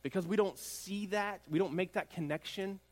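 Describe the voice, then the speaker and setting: A man's voice: high voice, normal speed. A man preaching a sermon as pastor, building emphasis through repeated phrases. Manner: preaching with rising emphatic repetition. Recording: long hall reverb.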